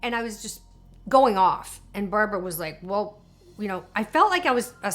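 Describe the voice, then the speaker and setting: A woman in a documentary interview, telling a personal story in an animated, emotional way with lots of fillers. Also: medium pitch, quick pace, faint music behind. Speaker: interviewee recounting alien contact.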